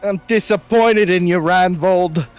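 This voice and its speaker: A man voicing a stern, demanding commander in a live game dub, speaking in a slow, scolding way. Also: high voice, faint music behind, pitched above the performer's own voice. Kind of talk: amateur game voice-over read live on stream.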